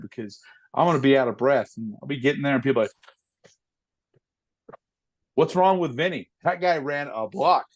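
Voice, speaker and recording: A man in his forties talks casually as a guest, a police officer who also does stand-up. He tells his bits with animated energy and drops into quick voices of the people he mocks. His voice sits in an ordinary middle pitch. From United States. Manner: animated storyteller, slips into impressions of people. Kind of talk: casual interview chat.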